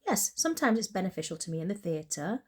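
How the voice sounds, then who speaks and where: A woman's voice: mid-range voice, very animated, fast talker, a little mellow, slightly rough. A woman voicing a grumpy, overworked young woman who answers defensively and stammers.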